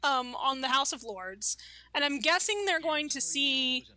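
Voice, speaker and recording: A woman's voice: high-pitched, animated, a little slow, sharp tone, no echo. A woman giving casual, chatty reaction commentary on an anime episode, full of fillers like "like" and "you know".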